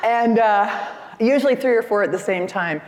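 A woman in her sixties giving a lively, chatty seminar talk and questioning the audience from the stage. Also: on the high side, moderate pace. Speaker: seminar speaker. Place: conference hall stage. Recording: echoey hall.

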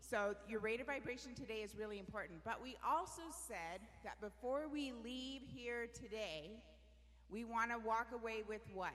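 A woman with a fairly high, bright and forceful voice leads a live business workshop with lots of energy. She keeps turning to the audience with questions. Her voice carries a long reverb from the large meeting room. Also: normal speed. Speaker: workshop presenter.

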